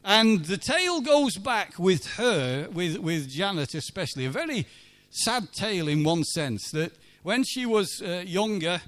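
A man's voice: sits high, big pitch swings, unhurried, fairly bright tone. A church minister telling a chatty story in a sermon and asking his listeners for agreement. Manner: chatty, anecdotal, asks the congregation for agreement.

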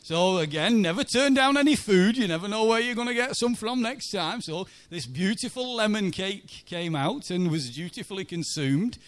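A man's voice: sits high, lively intonation, normal speed, few pauses. A church minister telling a chatty story in a sermon and asking his listeners for agreement. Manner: chatty, anecdotal, asks the congregation for agreement.

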